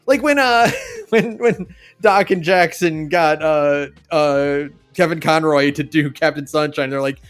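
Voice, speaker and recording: A man's voice: on the high side, unhurried, smooth, faint music behind. A man co-hosting a podcast in casual gaming chat, joking and rambling through asides with restarts. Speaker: podcast co-host.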